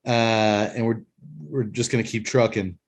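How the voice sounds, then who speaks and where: A man's voice: on the low side, little pitch movement, measured pace. A man hosting a casual podcast chat, rambling and opinionated with frequent restarts. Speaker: podcast host.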